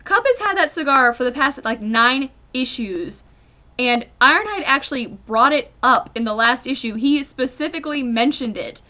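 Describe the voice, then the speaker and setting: Female comic reviewer, bright slightly high voice, animated rambling rant. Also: moderate pace. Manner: animated, rambling, lots of fillers. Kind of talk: casual ranting review.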